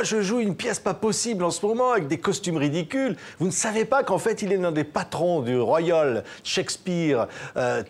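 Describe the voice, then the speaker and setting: A male host leads an interview in a television studio. His voice is fairly high and a little husky, with lively rises and falls as he retells the guest's story. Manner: animated, retells the guest's story back to him.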